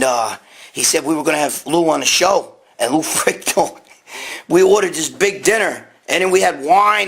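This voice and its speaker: He's a New York man whose fairly high voice is a bit bright and breathy. Running a relaxed live stream, he reads viewer questions off his phone and responds in a rambling, foul-mouthed way.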